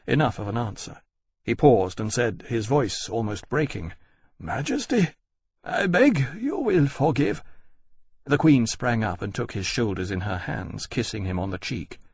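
A man narrating an audiobook in a husky voice, measured and steady. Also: lowish voice, dry recording, clean studio sound. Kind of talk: scripted narration.

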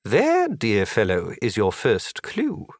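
A man's voice: on the low side, huge pitch swings, takes it slowly, dry recording, clean studio sound, full character voice. A man voicing a fussy, playful young male wizard who talks in a prim, precise way.

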